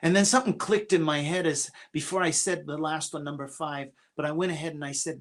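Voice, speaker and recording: A man's voice: fairly high pitch, steady tone, fairly quick, hardly any pauses. A man speaking as a guest at a church, telling a personal story in an earnest, confessional way and often repeating his opening words.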